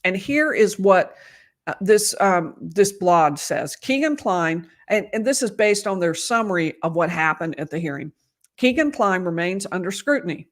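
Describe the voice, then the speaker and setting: This lawyer's voice is lowish and animated, moving at a moderate pace as she chats through live commentary on a court case. She's losing her voice, often starts her sentences over, and adds emphatic asides.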